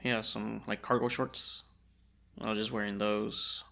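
Young guy on a podcast, gravelly voice, laughs a lot telling stories, slangy. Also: on the low side, flat delivery, unhurried, pushed and bright. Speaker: podcast co-host. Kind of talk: casual chat.

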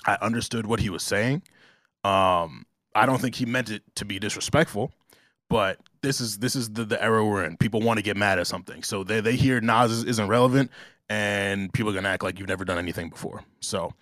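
A man's voice: lowish voice, brisk, fairly bright tone, no room sound, clean studio sound. A man from New Jersey co-hosting a casual talk show, rambling with lots of "like" and restarts. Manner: conversational, filler-heavy with restarts. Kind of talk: casual chat.

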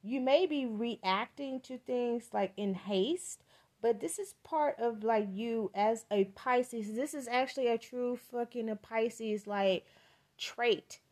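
A woman's voice: a little high, takes it slowly, a little mellow. A woman giving a casual tarot reading for a podcast, talking in a chatty, emphatic and profane way, often repeating words to drive a point home. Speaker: tarot reader.

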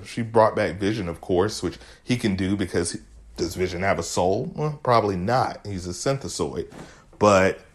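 A man with a low voice talks through a TV episode in a relaxed, chatty way. He is enthusiastic and retells the scenes in his own words as the host of the show. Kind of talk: casual recap commentary.

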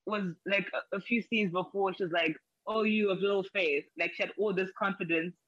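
A woman with a mid-range voice, rambling through her thoughts with lots of "like" and restarts. Her voice sounds dry and a little muffled, as if from a dull, low-fi mic. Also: fairly even intonation, brisk, fairly bright tone, dry recording. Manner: rambling, many "like" fillers and restarts. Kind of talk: casual chat.

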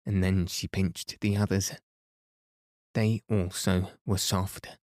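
A man reading a bedtime story aloud in a soothing, unhurried way. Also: deep voice, level tone, darkish tone, no room sound, clean studio sound. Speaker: sleep podcast reader.

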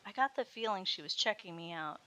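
A woman reading a first-person story aloud as its narrator, in a steady storytelling manner. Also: medium pitch, a little fast. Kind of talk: scripted erotic story narration.

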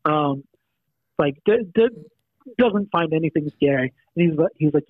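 A man's voice: a little high, animated, normal speed, no room sound. A man with a Manchester accent telling a ghost story in casual chat, rambling and laughing, with lots of ums. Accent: Manchester English. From England. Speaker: podcast guest storyteller. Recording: dry, tinny phone-like line.

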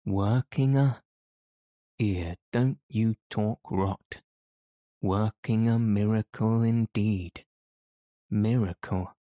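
A man reads out a gruff, indignant village constable, blunt and accusing, dropping his aitches in a low, dark voice. The storybook delivery is slow and dry, close to the mic. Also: fairly even intonation, no echo. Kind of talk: audiobook character voice.

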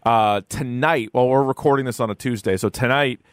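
A man's voice: mid-range voice, fairly quick, clean tone, dry recording, studio quality. Blunt, opinionated man co-hosting. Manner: blunt, opinionated, swears casually. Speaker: podcast co-host. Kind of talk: casual chat.

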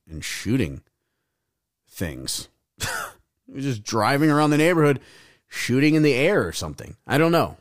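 Young male podcast host, profane and rambling, lively swooping delivery, dry close sound. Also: lowish voice, no room sound. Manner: rambling, profane, acts out quoted voices. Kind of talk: casual storytelling. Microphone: podcast mic.

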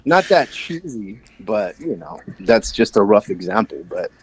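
A man's voice: lowish voice, big pitch swings, a little slow, breathy edge, no echo. A man co-hosting a casual podcast chat, talking frankly and rambling with frequent laughs. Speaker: podcast co-host.

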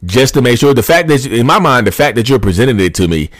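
A man's voice: medium pitch, sing-song, fast, no room sound, studio quality. A man hosting a podcast, giving advice in a loose, repetitive, conversational way and speaking straight to his listeners. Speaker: podcast host. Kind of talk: casual advice monologue.

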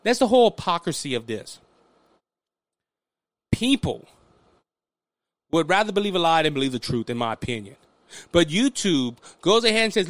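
A man with a Louisiana Southern accent hosting an opinion podcast monologue, animated and restless, often restarting his sentences. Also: a little high, moderate pace, long pauses, dry recording. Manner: animated, restless, frequent restarts and mock voices. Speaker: podcast host.

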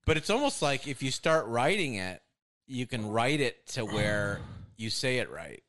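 A man's voice: mid-range voice, very animated, measured pace, a bit bright. A man guesting on a casual chat, thinking aloud about his craft as an impressionist.

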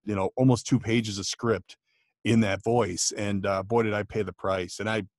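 A man's voice: lowish voice, fairly even intonation, moderate pace, a little mellow, no room sound, clean studio sound. A man, a voice actor, telling stories in a casual podcast chat, laughing often and restarting his sentences. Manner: chatty, laughing storyteller with many restarts. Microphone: home studio microphone.

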